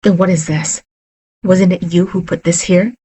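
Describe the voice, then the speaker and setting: A woman's voice: lowish voice, steady tone, moderate pace, dark tone, slight background noise, lightly acted. A woman reading a horror story aloud, voicing a bitter, wounded husband who talks in an accusing, pleading way.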